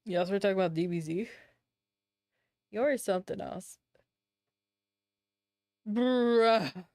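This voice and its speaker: A woman's voice: fairly low pitch, moderate pace, warm tone. A woman live-streaming, chatting casually and playfully with her chat in a slangy, teasing way, sounding sleepy. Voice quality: sings snatches of songs between chatter.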